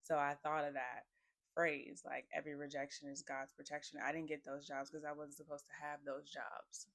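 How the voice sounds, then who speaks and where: A woman's voice: low voice, level tone, normal speed, creaky, a bit bright, dry recording. Chatty young woman podcaster, dry sound. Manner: chatty, rambling, lots of fillers and laughs. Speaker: podcast host. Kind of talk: casual solo podcast chat.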